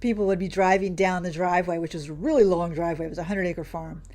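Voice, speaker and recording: A woman's voice: on the low side, steady tone, mellow. A woman hosting a casual gameplay vlog who chats and exclaims as she plays. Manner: chatty and exclamatory, quick laughs. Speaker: gaming channel host.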